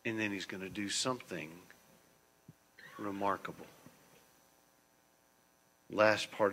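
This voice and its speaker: A man preaching a sermon as pastor, swinging between hushed, slow phrases and loud, emphatic ones. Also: fairly low pitch, fairly even intonation. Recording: long church hall reverb.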